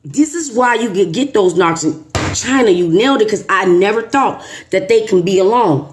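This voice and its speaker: A woman, the host and a teacher, chatting casually with a guest as an animated, emphatic storyteller. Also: medium pitch, normal speed, slight background noise.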